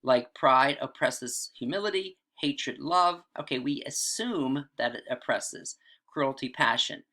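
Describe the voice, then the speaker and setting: A man's voice: mid-range voice, measured pace, bright, forceful tone. Male teacher, informal lecture delivery, conversational with frequent check-ins. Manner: chatty, frequent "right?" and "all right" asides. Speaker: writing teacher. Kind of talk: casual lecture on rhetoric.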